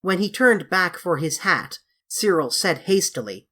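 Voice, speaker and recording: A woman reading a classic children's novel aloud in a measured, expressive storybook narration. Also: fairly low pitch, slightly rough. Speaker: audiobook reader.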